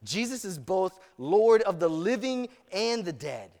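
A man's voice: high-pitched, very animated, unhurried, darkish tone, in a large hall. A man preaching a sermon as pastor, telling stories earnestly with frequent restarts.

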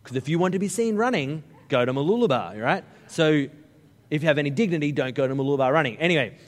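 A middle-aged Australian man preaching a sermon, telling funny stories with lively, joking asides to the congregation. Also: fairly high pitch, quick pace. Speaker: pastor. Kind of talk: humorous storytelling sermon. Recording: long reverb of a large hall.

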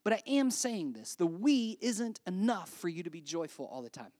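Pastor giving a sermon, chatty and lively, goes quiet then loud, lots of "right?". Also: mid-range voice, moderate pace. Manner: conversational, with frequent "right?" asides; animated, swings between soft and loud.

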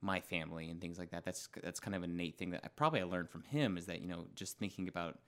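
A young man in casual podcast chat, rambling and restarting his sentences, now and then breaking into loud goofy bits. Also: low voice, fast, clear, resonant tone. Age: young adult.

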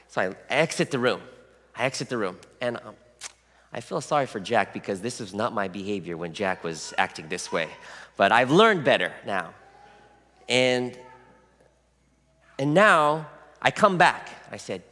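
A man's voice: medium pitch, expressive, normal speed. Storytelling male pastor in a reverberant hall. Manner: reflective storytelling, soft dropped asides. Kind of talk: sermon.

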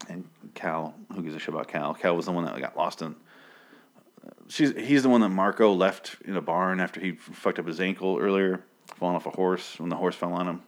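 A man's voice: low voice, moderate pace. A man casually recapping a story, rambling with crude jokes and sarcastic asides. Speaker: comic book recap host.

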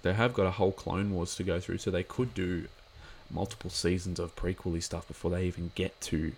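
Guy doing a casual watch-along commentary, deep and gravelly, rambles a lot, lots of ums. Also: steady tone, a little fast, a little mellow, a little hiss or hum. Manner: rambling and chatty, many filler words.

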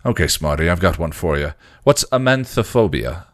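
A man's voice: expressive, normal speed, no room sound. A man playing a wry, teasing vampire. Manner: dry teasing drawl, dips low and gruff. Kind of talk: reading a story aloud, voicing characters.

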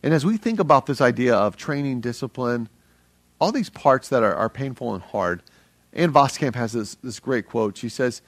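Earnest, gravelly-voiced male pastor preaching. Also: medium pitch, normal speed, dry recording. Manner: energetic, earnest, conversational with repeated restarts. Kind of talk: sermon.

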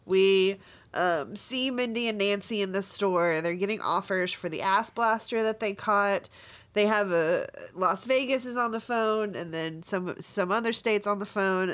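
A woman's voice: medium pitch, a bit bright. Giggly woman recapping a movie. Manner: giggly, retells scenes with quoted lines. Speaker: podcast co-host. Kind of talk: casual movie recap chat.

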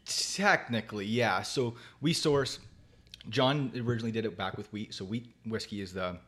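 Male guest, low-ish voice, easygoing anecdotal talker. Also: normal speed, a bit bright. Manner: storytelling, frequent "um" and "uh" fillers. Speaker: whisky company founder, guest. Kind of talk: casual podcast interview.

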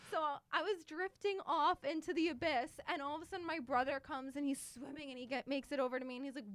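High-voiced and quick, with few pauses and no echo, this young podcast co-host keeps the talk casual. She laughs a lot while spinning stories, giggly and animated throughout.

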